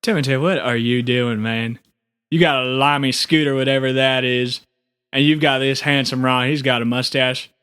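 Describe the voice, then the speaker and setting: A man's voice: mid-range voice, fairly even intonation, normal speed, a bit bright, smooth, natural voice. A man playing a small goofy alien co-anchor. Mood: earnest. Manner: rambling, dim, enthusiastic. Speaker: radio co-anchor. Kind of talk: comedy audio drama.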